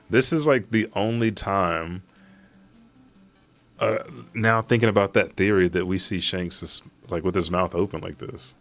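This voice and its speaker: A man hosting a casual reaction, reading a chapter aloud. He swears freely and gets excited. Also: low voice, slow. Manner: profane, excitable, reads quoted lines aloud. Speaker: manga reaction host.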